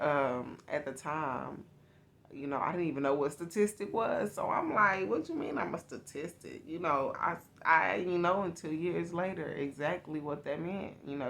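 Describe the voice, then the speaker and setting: Candid woman with a gravelly voice. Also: deep voice, slight background noise. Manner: candid, confiding, addresses viewers directly. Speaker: host telling her own story. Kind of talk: casual personal storytelling.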